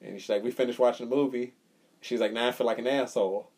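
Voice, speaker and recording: A man's voice: mid-range voice, fairly even intonation, quick pace, darkish tone, breathy edge. A man co-hosting a casual podcast chat, telling a story with swearing and acting out the quotes. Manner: storytelling, profane, acts out quotes. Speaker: podcast co-host.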